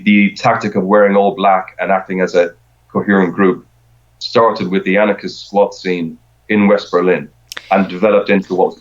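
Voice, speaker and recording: A middle-aged man speaks in a very low register, chatting loosely and circling back over his own words as he goes. The recording sounds dull and lo-fi. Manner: rambling, with frequent repeated words and restarts. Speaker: podcast guest. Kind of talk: casual conversation.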